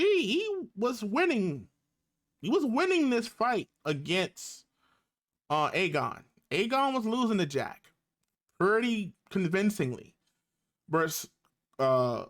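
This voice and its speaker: A man in a casual online recap, retelling a TV episode in loose, slangy talk. He takes his time, leaning on fillers and quoting the characters in his own voice. His voice sits a little high for a man. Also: fairly bright tone. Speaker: YouTube reviewer.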